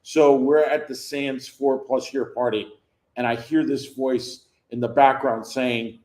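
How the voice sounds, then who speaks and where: A man's voice: mid-range voice, fairly even intonation, a little slow, a little mellow. A man in his fifties, a guest on a live sports chat, rambling with wry humor. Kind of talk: casual chat. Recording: echoey remote call audio.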